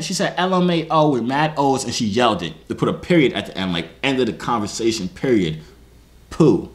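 A man's voice: mid-range voice, lively intonation, brisk. A young man YouTuber telling a comic story to his viewers, self-mocking and slangy, breaking things down as he goes.

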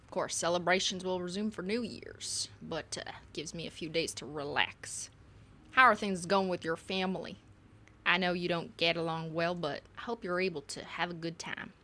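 Woman doing a bright-voiced young letter-writer with a Texan accent, reading aloud. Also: on the low side, fairly even intonation, normal speed. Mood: wistful. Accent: put-on Texan.

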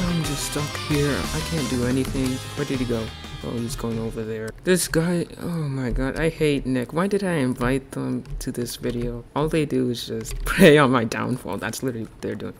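A man giving casual gameplay commentary and voice-over, prone to sudden excited outbursts. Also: mid-range voice, vocal fry. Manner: excitable, quick outbursts of exclamation. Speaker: gaming channel host. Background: background music.

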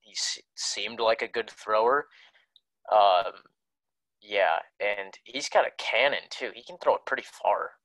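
A man's voice: fairly low pitch, unhurried, fairly bright tone, dry recording, low-quality recording. A young man co-hosting a casual sports podcast, laid-back and jokey, rambling a little. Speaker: podcast co-host.

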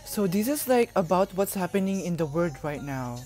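A young woman from the Philippines talks through a music video reaction, gushing and emotional, exclaiming often. Her voice sits a little low for a woman. Faint music plays behind her. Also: expressive, normal speed, warm tone.

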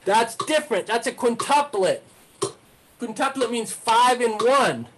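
Higher woman chanting rhythm syllables. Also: animated, measured pace. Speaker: rhythm teacher. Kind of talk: online rhythm lesson. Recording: clear background noise.

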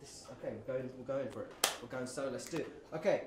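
A man's voice: medium pitch, fast talker, darkish tone, roomy sound, slight background noise. A man performing as a comedian in a scripted comedy sketch, flustered and stammering.

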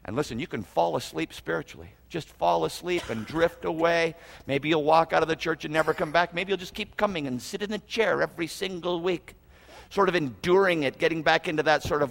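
A man's voice: a little high, normal speed, vocal fry, fairly bright tone. A man preaching a sermon as pastor, earnest and emphatic, repeating phrases for emphasis. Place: church auditorium. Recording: reverberant hall.

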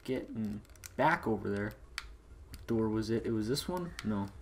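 Profane, excitable man narrating gameplay. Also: fairly low pitch, normal speed, a little hiss or hum. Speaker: let's play gamer. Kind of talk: casual gaming commentary.

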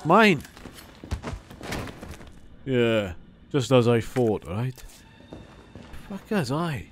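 Guy yelling at a horror game, swears constantly, jokey, voice jumps all over. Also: medium pitch, big pitch swings, extremely slow, pauses often. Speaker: let's play host. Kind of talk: gameplay commentary.

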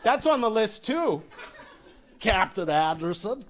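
A man from Canada, a comedian giving a comedic storytelling talk in a loose, profane, animated way. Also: high voice, slow. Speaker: comedian and speaker.

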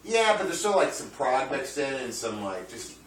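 A man's voice: mid-range voice, big pitch swings, moderate pace, fairly bright tone, reverberant, distant mic, a little hiss or hum. A man co-hosting a casual online metal show and rambling through music news with lots of "like.". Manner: rambling, full of "like". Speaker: co-host presenting music news. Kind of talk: casual banter.

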